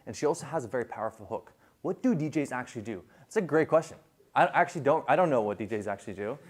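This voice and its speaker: A man's voice: medium pitch, animated, quick pace, darkish tone. A man giving a casual classroom lecture on viral video, chatty, with many fillers and restarts.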